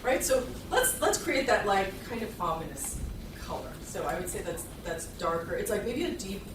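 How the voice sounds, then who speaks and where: A woman's voice: mid-range voice, very animated, moderate pace, recorded from a distance, background noise. A woman teaching a violin master class, encouraging and chatty, singing phrases to show how they should sound. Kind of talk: live master class coaching. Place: concert hall with audience. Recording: echoey hall, voice from afar. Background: violin playing.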